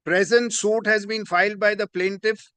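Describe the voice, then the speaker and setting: A man's voice: sits high, steady tone, moderate pace, pushed and bright, clear, resonant tone, no echo. A man arguing before a judge in a courtroom, deferential and formal, inserting "my lord" into nearly every phrase. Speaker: advocate.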